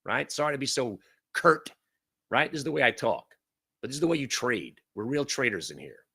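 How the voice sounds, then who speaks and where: A man hosting a live day-trading room, commenting brashly on trades, swearing casually and swinging from loud outbursts to low mutters. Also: very animated, a little fast, slightly rough.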